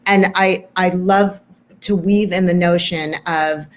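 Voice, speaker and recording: A woman in her thirties, a guest therapist explaining in an earnest, conversational way, softening her voice for gentle self-talk examples. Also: lowish voice, fairly even intonation, slow, a little hiss or hum, poor audio. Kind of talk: casual interview chat.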